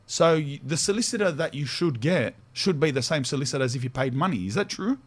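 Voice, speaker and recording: A man's voice: fairly high pitch, animated, fast talker. A man with an Australian accent hosting a podcast, telling stories in a casual, slangy way with laughs. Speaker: podcast host. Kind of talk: casual storytelling chat.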